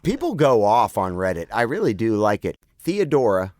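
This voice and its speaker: Playful, animated podcast host man. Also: on the low side, moderate pace, dry recording, studio quality. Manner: playful, laughs often. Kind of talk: casual chat.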